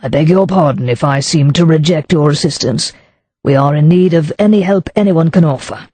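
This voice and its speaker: Stern old earl voiced by a woman reader, stiff courtly talk, husky dry voice. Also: low voice, moderate pace, mellow, no echo. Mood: formal. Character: stern, proud aristocratic older earl.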